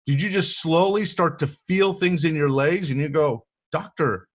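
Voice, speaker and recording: A man's voice: fairly high pitch, moderate pace. Earnest man hosting a motivational interview. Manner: earnest and coaching, often adds "right?". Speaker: host.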